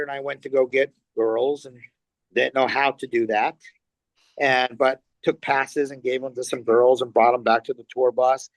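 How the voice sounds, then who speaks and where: A guest musician, middle-aged and from Los Angeles, recounts stories in a casual interview with plenty of energy, voicing the quotes himself and swearing liberally. His voice is mid-range, and the audio has no echo.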